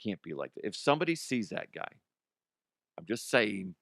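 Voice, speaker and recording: A man in his thirties or forties hosting a comedy news podcast, talking bluntly and profanely, swinging between heated rants and quiet asides. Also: on the low side, sing-song, normal speed, gravelly, no echo, studio quality. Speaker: podcast host. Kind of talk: casual comedic news commentary.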